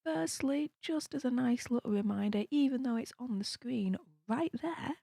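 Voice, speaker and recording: Hushed, bubbly British woman streamer. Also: fairly high pitch, lively intonation, moderate pace, gravelly, dry recording, studio quality. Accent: British English. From United Kingdom. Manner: bubbly, gushing, slangy. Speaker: livestream host. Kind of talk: casual live-stream chat, hushed. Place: home room at night.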